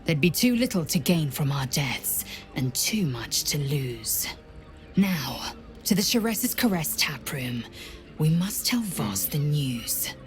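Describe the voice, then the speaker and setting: Brief: blunt martial game warrior woman, deep for a woman, clipped delivery. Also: sing-song, takes it slowly, faint music behind, heavily acted. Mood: hushed. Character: fierce githyanki warrior woman, proud and blunt. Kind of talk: video game dialogue.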